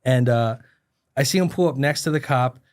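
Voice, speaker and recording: A man's voice: medium pitch, normal speed. A man co-hosting a comedy podcast, rambling through a long anecdote in casual chat. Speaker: podcast co-host.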